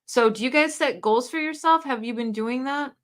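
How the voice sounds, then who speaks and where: A woman from the United States hosting a casual livestream, chatting and reading viewer comments aloud in an animated way. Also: moderate pace. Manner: chatty and animated, pitch leaping up and down. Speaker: livestream host.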